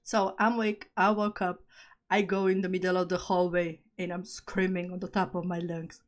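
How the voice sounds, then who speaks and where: A woman's voice: lowish voice, little pitch movement, normal speed. A young woman streamer, not a native English speaker, chatting casually and telling stories with frequent laughs. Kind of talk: casual live-stream chat.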